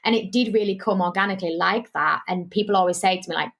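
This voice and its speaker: A British woman guest tells stories on a podcast in relaxed, casual chat. Her delivery is animated and conversational. Her voice sits in a middle pitch. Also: quick pace, creaky. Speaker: podcast guest, business owner.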